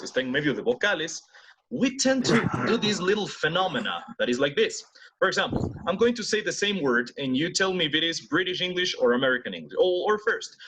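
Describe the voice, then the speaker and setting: Lively bilingual English teacher. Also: male voice, a little high, husky. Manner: switches between English and Spanish, drills students with repeated words. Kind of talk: online class teaching pronunciation.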